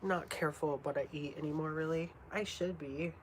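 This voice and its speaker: A woman's voice: low voice, a little fast. A woman in her late twenties chatting casually on a live stream, swearing freely and often dropping to a whisper. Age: late 20s. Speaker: livestreamer chatting with viewers. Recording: steady background noise.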